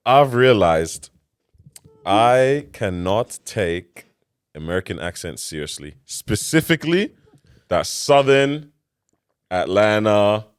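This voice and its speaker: A man co-hosting a podcast, talking in a casual, slangy, animated way. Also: on the low side, smooth. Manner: animated, slangy, laughs often. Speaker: podcast co-host. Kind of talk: casual chat.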